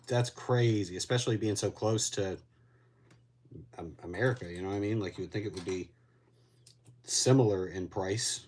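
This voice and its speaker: A man's voice: fairly low pitch, darkish tone, a little hiss or hum. A man getting over a cold, a little winded, chatting casually to a live-stream audience while he builds. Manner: laid-back, rambling, reacts to chat. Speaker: LEGO builder streaming to chat.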